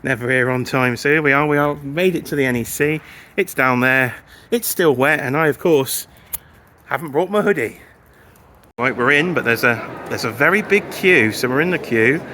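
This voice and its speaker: A man's voice: medium pitch, moderate pace. An English man hosting a casual road-trip vlog, giving chatty, wry running commentary from a car and then outdoors. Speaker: vlog host. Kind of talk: casual travel vlog narration. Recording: loud road and traffic noise.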